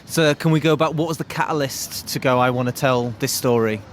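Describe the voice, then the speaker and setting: A man's voice: medium pitch, a little fast, a little hiss or hum. A man hosting a podcast, talking enthusiastically and casually with many fillers. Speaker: podcast host. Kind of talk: casual podcast chat and interviewing.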